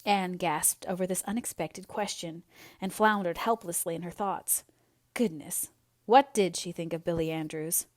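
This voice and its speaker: A woman narrating an audiobook in a measured, expressive reading voice. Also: fairly low pitch, dry recording.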